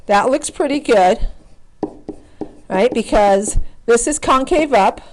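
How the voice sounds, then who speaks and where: A woman's voice: on the high side, animated, takes it slowly, a little hiss or hum. Chatty woman teaching a math lesson. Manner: chatty, self-correcting, thinking aloud. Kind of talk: recorded screen lesson.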